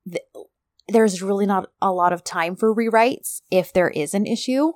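A woman's voice: mid-range voice, normal speed, a little mellow, no room sound, studio quality. A woman co-hosting a podcast in casual chat, talking easily with many fillers. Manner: chatty, lots of fillers and "like". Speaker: podcast co-host.

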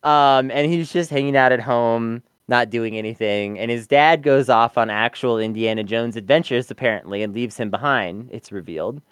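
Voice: mid-range voice, moderate pace, few pauses, clear, resonant tone, dry recording. A podcast co-host recapping an episode in casual review chat, wry and often laughing. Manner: wry, laughing, sums up the plot.

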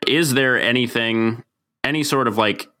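A man's voice: medium pitch, a little slow, bright, forceful tone. A man playing a tabletop role-playing game, talking casually and rambling, often correcting himself mid-sentence. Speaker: player.

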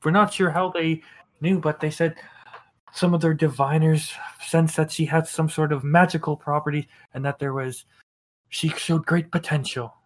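A man's voice: on the high side, fairly even intonation, normal speed, natural voice. A man voicing a polite middle-aged farmer who talks with homely, slightly hesitant courtesy about his family. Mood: proud homely.

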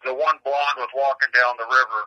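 A man's voice: medium pitch, fairly even intonation, a little fast, sharp tone. A man who is a prison inmate, rambling through stories and crude jokes, stumbling and repeating words over a phone call. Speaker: prison inmate taking questions. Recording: muffled lo-fi phone line.

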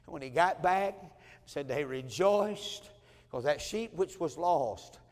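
Storytelling pastor in a reverberant church. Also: male voice, fairly high pitch, animated, slow. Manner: storytelling, acting out family quotes, chuckling asides. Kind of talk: sermon. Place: church sanctuary. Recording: long church hall reverb.

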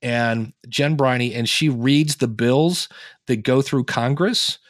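At a slow pace and medium pitch, an Ohio man talks casually as a guest on a podcast interview. He tells his stories animatedly, dramatizing the reactions he quotes, in a studio-quality recording without echo.

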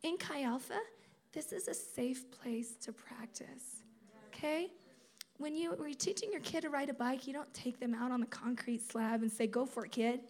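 High-voiced woman preaching conversationally. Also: fairly quick. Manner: conversational, animated with laughs and acted quotes. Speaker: speaker at a campus ministry conference. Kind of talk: sermon.

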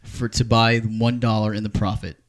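Animated New Jersey man. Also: fairly low pitch, normal speed. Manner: animated, playfully skeptical, talks over others. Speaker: guest, family retail business leader. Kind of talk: casual chat.

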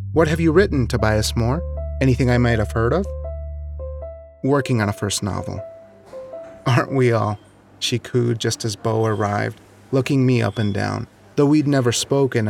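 A man reading a short story aloud in a measured, wry storytelling manner. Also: mid-range voice, gravelly. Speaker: narrator. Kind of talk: scripted narration of a short story.

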